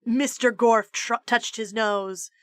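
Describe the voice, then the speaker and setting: A woman streamer reading a children's book aloud, measured and expressive. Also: on the high side, no room sound, studio quality. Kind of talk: storybook read-aloud.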